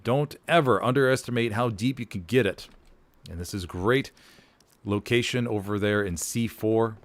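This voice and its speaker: A man giving energetic, jokey play-by-play commentary on a competitive war video game, drifting into rambling asides. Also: on the low side, moderate pace, no room sound. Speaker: esports caster.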